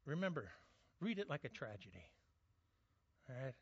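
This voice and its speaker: A man's voice: medium pitch, very animated, moderate pace, breathy edge, no echo, lo-fi sound. A man preaching a sermon in a conversational, joking way, often restarting his words. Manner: conversational, jokey, frequent restarts. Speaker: pastor.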